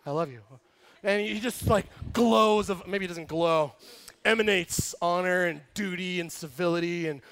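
A young man preaching a casual, lively sermon, joking and acting out quotes as he tells a story. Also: high voice, moderate pace, clean tone. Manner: animated, jokey storytelling with acted quotes. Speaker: pastor.

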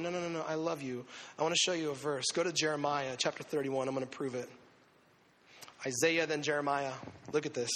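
A man with a high, bright, forceful voice preaching to young people. He talks in an animated, conversational way and acts out little quotes. His voice rings with the long reverb of a hall. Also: slight background noise. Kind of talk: sermon.

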